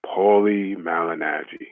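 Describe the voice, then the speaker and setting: Gravelly New man ranting on the phone. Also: low voice, dry recording. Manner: fired-up, mocking, profane. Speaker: caller. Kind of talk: heated phone-in rant. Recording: dry phone line.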